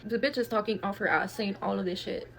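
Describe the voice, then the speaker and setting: Fast-talking, profane young woman storyteller. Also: medium pitch, gravelly, crowd noise. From Texas. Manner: profane, animated, acts out quotes. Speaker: guest storyteller. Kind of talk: casual storytelling.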